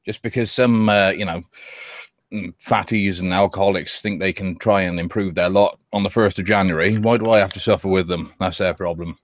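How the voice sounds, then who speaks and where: A man's voice: low voice, steady tone, fairly quick, no room sound. A man on a casual stream, teasing in a dry way. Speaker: stream co-host.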